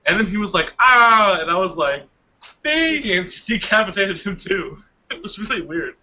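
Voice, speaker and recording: A young man chats casually with a very bright, slightly raised voice, telling a story with animated energy. The audio is dull and lo-fi, as on an online call. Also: sits high, fairly quick. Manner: animated storytelling, laughs often. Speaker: hangout participant. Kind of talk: casual chat.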